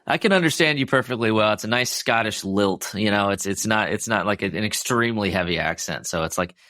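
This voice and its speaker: Man, Midwestern American accent, very low voice, chatty podcast host, lots of fillers, dry close sound. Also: fairly quick, bright, forceful tone, no echo. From Midwest US, Iowa. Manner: chatty, many fillers and restarts, laughs easily. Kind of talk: casual interview chat.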